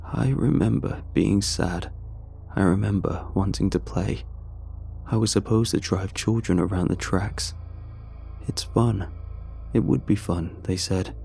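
A man voicing a lonely, monstrous male train creature, slow and mournful with a deep, resonant misery. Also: vocal fry, dark tone, soft background music.

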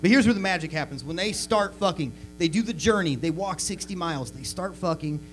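A man doing crude, animated stand-up comedy on a club stage, acting out bits as he goes. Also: high-pitched, fairly quick, faint music behind. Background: audience laughter.

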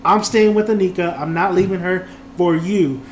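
Animated man recapping TV, high voice. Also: moderate pace, reverberant, slight background noise. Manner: animated, acts out characters' lines. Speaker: TV review host. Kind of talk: casual spoken TV recap.

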